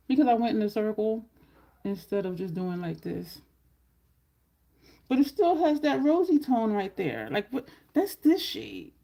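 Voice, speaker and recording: Woman, makeup vlogger, rambling chat, gravelly voice. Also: medium pitch, sing-song, unhurried, dark tone. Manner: chatty, rambling asides. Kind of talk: casual makeup tutorial chat.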